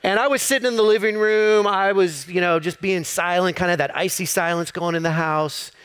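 A man's voice: high-pitched, steady tone, a little fast, a bit bright, smooth. A middle-aged man, a campus pastor, preaching a sermon in an easy storytelling way with self-deprecating humor.

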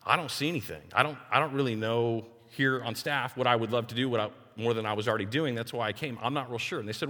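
A man's voice: mid-range voice, fast talker, few pauses. A man in his forties from Texas, preaching a sermon and telling personal stories, acting out the voices of the people in them. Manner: animated storyteller who acts out other people's voices. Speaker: pastor. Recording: long hall reverb.

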